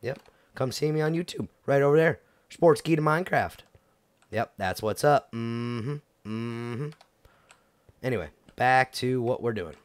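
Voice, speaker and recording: A man's voice: mid-range voice, moderate pace, no room sound. A man giving casual let's-play commentary, goofy and chatting to the game characters as he plays. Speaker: gameplay commentator.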